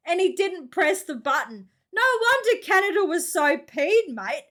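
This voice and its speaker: A woman's voice: very high voice, sing-song, moderate pace, few pauses, fairly bright tone. An Australian woman hosting a reaction video, talking casually and exclaiming often in slangy chat.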